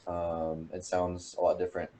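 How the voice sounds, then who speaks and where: A man's voice: sits low, monotone, moderate pace, dark tone. A man from California with a Californian accent, talking casually with frequent hesitations. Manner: easygoing, hesitant ums. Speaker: language exchange partner. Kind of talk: casual online conversation.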